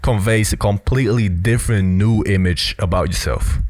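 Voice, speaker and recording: A man with a low voice gives casual commentary on film clips and breaks down gestures as he goes. His talk is loose and full of "you know" and "right?", and it sounds dry and close with no room echo. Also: normal speed, darkish tone. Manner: explanatory, heavy on fillers like "you know" and "right?". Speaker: body language commentator.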